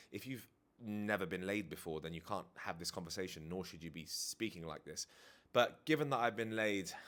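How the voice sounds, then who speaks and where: A dating and life coach speaks frankly to camera in a low voice with a sharp tone, reflecting in a confessional way. He's indoors with DJ kit in the background and curses casually from time to time.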